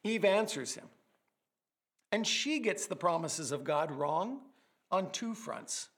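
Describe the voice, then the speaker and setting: A man with a rather high voice preaches to his congregation. He delivers the sermon in an animated way, building vivid word pictures and dropping in light humorous asides. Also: slow pace. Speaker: pastor.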